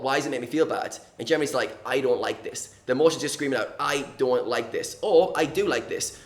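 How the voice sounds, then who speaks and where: A man with a fairly high voice explains a mindset idea to his viewers in an earnest, step-by-step way. He repeats key words and acts out small examples along the way. The room around him is echoey. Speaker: poker mindset coach.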